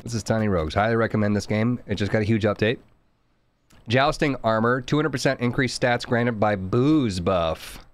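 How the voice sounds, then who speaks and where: A man streaming a video game, chatting casually with viewers, thanking them and musing aloud over items. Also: on the low side. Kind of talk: casual live game commentary. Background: game music.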